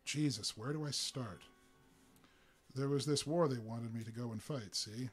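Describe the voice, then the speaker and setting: A man's voice: medium pitch, unhurried, breathy edge. A man voicing a bitter, rambling young man. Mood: bitter rant. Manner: edgy, rambling, defensive.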